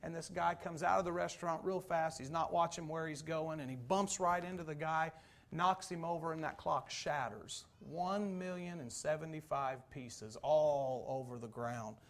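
High-voiced folksy preacher man. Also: normal speed. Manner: folksy joke-telling and emphatic preaching. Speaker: pastor. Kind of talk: sermon.

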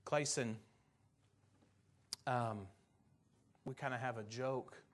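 A pastor preaching a sermon to his church, talking in a relaxed, folksy way with asides and stories, then pressing his points firmly. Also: medium pitch, slow pace. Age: adult parent. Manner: folksy and conversational, turning emphatic on doctrine.

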